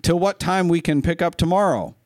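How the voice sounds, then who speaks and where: A man's voice: brisk, no room sound, clean studio sound, close to an everyday voice. A man voicing a clueless male trucker who speaks choppy broken English and drops his articles. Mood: curt, clueless. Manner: choppy phrasing, dropped articles, raised pitch.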